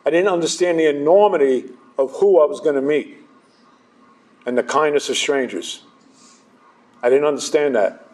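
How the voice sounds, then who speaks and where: A man's voice: fairly high pitch, normal speed, long pauses, darkish tone. Man telling his recovery story, joking. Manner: conversational, self-deprecating humor. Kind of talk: storytelling talk to a live audience. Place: hall with a live audience.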